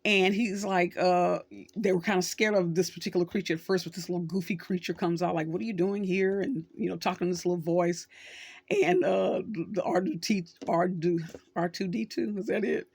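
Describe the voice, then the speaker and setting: A woman's voice: lowish voice, normal speed, vocal fry, a little mellow, husky, dry recording. A middle-aged woman hosting her channel, talking casually and telling a story with acted quotes. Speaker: social worker and channel host. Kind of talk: casual talk to camera.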